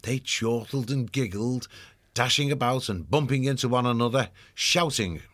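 A man reading a children's fantasy novel aloud as the narrator, in an even storytelling delivery. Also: medium pitch, normal speed. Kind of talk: scripted audiobook narration.

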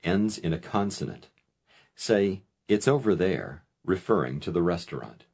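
A man narrating a language course in a scripted lesson style, giving clear, instructive prompts. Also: low-pitched, big pitch swings, measured pace, a little mellow.

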